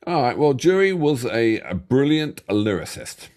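A man's voice: mid-range voice, big pitch swings, unhurried, darkish tone. A man co-hosting a music reaction video, chatting casually, rambling and joking with the odd swear word. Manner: jokey, rambling, swears freely. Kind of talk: casual chat.

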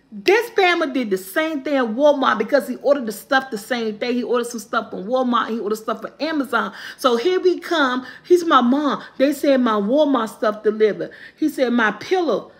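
Woman, high voice, animated casual storytelling, frequent laughter. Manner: animated, laughing often, rising into high squeals when quoting. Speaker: vlogger.

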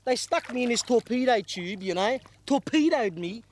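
An actor playing a cocky young Australian castaway, talking in a boastful way with an Australian accent. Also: male voice, extremely high pitch, lively intonation, moderate pace, heavy background noise.

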